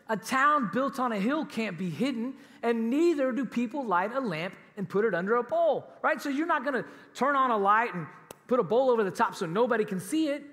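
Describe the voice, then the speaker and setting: High-voiced man preaching in a hall. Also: fairly bright tone. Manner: emphatic, conversational, with laughs and asides. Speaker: pastor. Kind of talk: sermon. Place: church auditorium.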